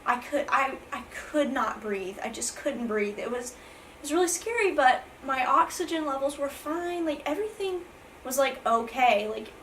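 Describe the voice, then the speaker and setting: A woman's voice: high voice, animated, moderate pace, fairly bright tone, recorded from a distance, a little hiss or hum, low-quality recording. A young woman, rambling through an emotional storytime vlog with many fillers and restarts, near tears with her voice breaking. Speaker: vlogger.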